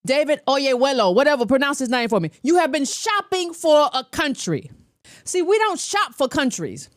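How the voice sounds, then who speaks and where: A woman's voice: sits high, very animated, moderate pace, no room sound, studio quality. An American woman hosting a commentary show, talking in a combative, emphatic and scornful way. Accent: American English. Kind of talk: opinionated political commentary.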